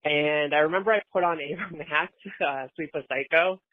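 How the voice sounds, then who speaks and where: A man's voice: a little high, normal speed. Voicemail caller: chatty man, a bit out of breath, tinny phone audio. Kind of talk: voicemail story.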